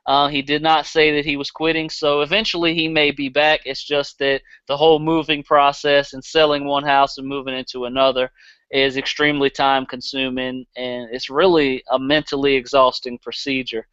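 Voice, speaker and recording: A man's voice: mid-range voice, flat delivery, moderate pace, a bit bright, clean tone, dry recording, highs cut off. A man with a Southern accent hosting a casual podcast, blunt and profane, laughing easily. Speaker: podcast host.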